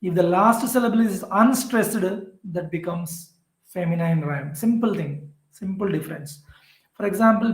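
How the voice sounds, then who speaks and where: A man with an Indian English accent giving a classroom lecture on poetry, explaining slowly and repeating example words. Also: sits high, reverberant, poor audio.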